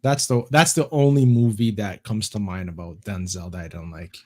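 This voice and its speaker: A man's voice: fairly low pitch, normal speed, mellow. A man co-hosting a casual livestream podcast, chatting loosely and profanely and reading out viewer comments. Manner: loose, profane, reads chat aloud. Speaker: podcast co-host.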